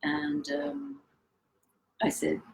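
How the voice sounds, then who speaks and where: A woman's voice: sits low, sing-song, very slow, gravelly, darkish tone, a little hiss or hum, rough recording. A middle-aged woman, a conductor, telling a reflective anecdote in a casual interview. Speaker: guest, orchestra conductor.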